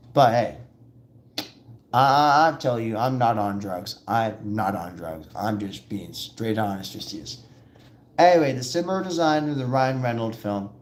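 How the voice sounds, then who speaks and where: Rambling, excitable male video host. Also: lowish voice. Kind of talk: casual rambling commentary.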